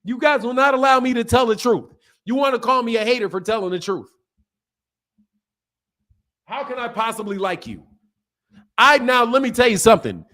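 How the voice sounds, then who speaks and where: A high-pitched man hosting a boxing talk show, ranting in a loose, heated way. He repeats himself, swears freely and jabs at his viewers with blunt scorn. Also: expressive, normal speed, pauses often, sharp tone. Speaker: boxing channel host. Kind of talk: heated casual boxing commentary.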